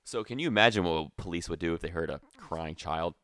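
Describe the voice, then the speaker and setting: Deep-voiced man rambling casually. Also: fairly quick, fairly bright tone, no echo. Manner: rambling, peppers talk with dude. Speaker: podcast co-host. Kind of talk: casual comedic chat.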